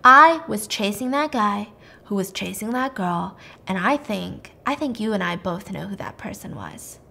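A woman voicing a retired male detective who talks bluntly in a hushed, half-whispered way. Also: medium pitch, lively intonation, normal speed, creaky, exaggerated voice. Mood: hushed urgent.

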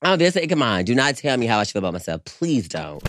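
Homem animado e expressivo, podcast casual. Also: male voice, mid-range voice, quick pace, dry recording, studio quality. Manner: animated, swears often, calls people girl. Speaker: podcast co-host. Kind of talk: casual chat.

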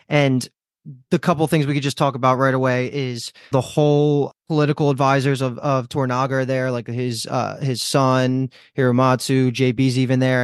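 A man's voice: mid-range voice, no echo, clean studio sound. A man hosting a casual talk show about a TV series, enthusiastic and asking his co-hosts questions. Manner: enthusiastic, asks the others questions. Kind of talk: casual chat.

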